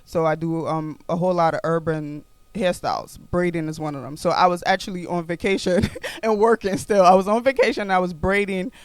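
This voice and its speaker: A young adult woman hosting a podcast, telling a personal story with animated emphasis and repeated phrases. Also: fairly low pitch, brisk, dry recording. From New York. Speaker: podcast host.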